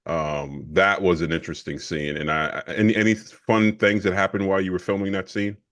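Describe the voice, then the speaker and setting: A man's voice: deep voice, flat delivery, a little fast, fairly bright tone. A man interviewing an actor, asking short, friendly questions. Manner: brief friendly questions and reactions.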